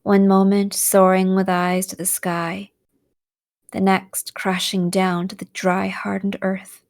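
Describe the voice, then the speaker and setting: A woman narrating a visual novel aloud in a slow, soft storytelling manner. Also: mid-range voice, little pitch movement.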